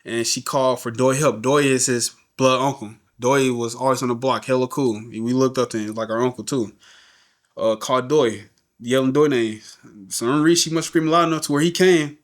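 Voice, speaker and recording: A man's voice: mid-range voice, steady tone, normal speed. Middle-aged guy on a podcast telling a heavy story, slangy, keeps saying you know what i'm saying, does the other people's voices. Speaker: podcast guest. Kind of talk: emotional storytelling.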